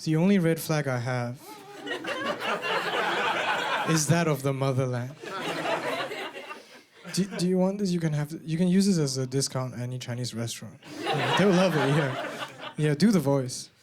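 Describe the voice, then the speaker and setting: A man performing a stand-up comedy set, animated and bursting into shouted punchlines. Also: fairly high pitch, moderate pace, background noise. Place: comedy venue with a live audience.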